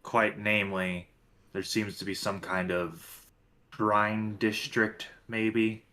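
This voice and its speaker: A man in a tabletop game trades dry jokes with the table and slips into his character's lines. His voice sits low, with a bright, clear top to it. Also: flat delivery, slow. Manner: dry, joking. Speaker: player. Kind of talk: casual tabletop role-play.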